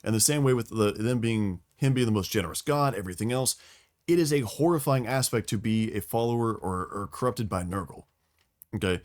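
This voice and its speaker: A man hosting a casual podcast, telling lore in a profane, animated storytelling way. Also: on the low side, brisk. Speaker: podcast host explaining lore.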